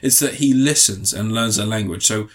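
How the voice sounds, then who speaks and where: A man's voice: fairly low pitch, normal speed. A man chatting casually on a film podcast, rambling through the plot with frequent laughs and acted-out lines. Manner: rambling, laughs often, acts out scenes in put-on voices. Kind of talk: casual film review chat.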